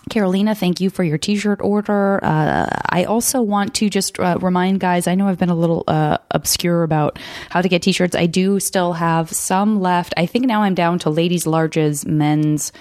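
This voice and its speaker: Low-voiced chatty podcast host woman. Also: steady tone, normal speed, darkish tone, no echo, studio quality. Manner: chatty, rambling with fillers. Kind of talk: casual podcast intro.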